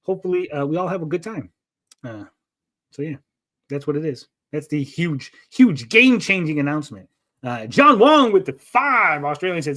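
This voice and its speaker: A man's voice: a little high, big pitch swings, normal speed, a bit bright. A man hosting a casual livestream, rambling and joking as he reads out chat messages. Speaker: livestream host.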